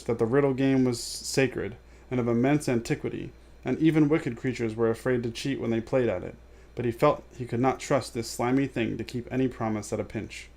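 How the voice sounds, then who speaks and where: A man reading a storybook aloud as a storyteller, steady and measured, with offhand asides. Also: mid-range voice, gravelly.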